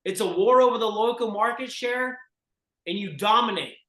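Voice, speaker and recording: A man with a high, bright voice leads a group coaching session for real estate agents. He speaks with force and emphasis and keeps pressing his listeners to act. The room gives his voice a noticeable echo. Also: moderate pace.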